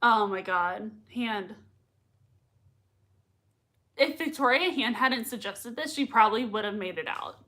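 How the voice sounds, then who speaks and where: Young woman streamer freaking out over a show, high bright voice, keeps repeating herself. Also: unhurried, pauses often. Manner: excitable, gushing, repeats herself. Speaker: livestream reaction host. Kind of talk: live reaction stream, reading chat.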